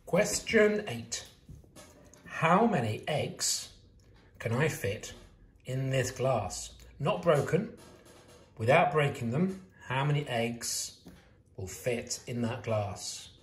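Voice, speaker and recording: A man teacher asking young children maths quiz questions in a slow, sing-song way. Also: medium pitch, expressive. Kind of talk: early years maths quiz video. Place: home kitchen. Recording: roomy echo.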